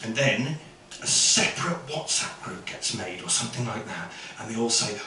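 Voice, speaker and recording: Animated comic in an echoey club. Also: male voice, fairly low pitch, moderate pace, soft background music. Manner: animated, swearing, acts out voices. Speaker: stand-up comedian. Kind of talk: stand-up comedy set. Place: comedy club stage. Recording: echoey room, mic at a distance, audience noise. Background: audience laughter.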